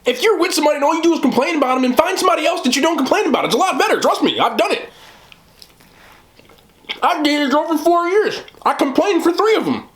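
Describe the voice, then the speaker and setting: A man hosting a mukbang, chatting casually while eating, talking in an animated way with loud bursts. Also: very high voice, fast talker. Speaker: mukbang host.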